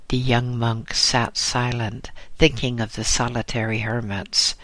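A man narrating an audiobook in a slow, measured way. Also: medium pitch, flat delivery, sharp tone, no echo.

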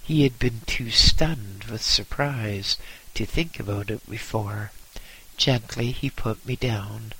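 A man's voice: medium pitch, pushed and bright, breathy edge, poor audio. A man narrating a first-person story dramatically, at times dropping into a whisper. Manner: dramatic, with some whispered passages. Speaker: audiobook narrator.

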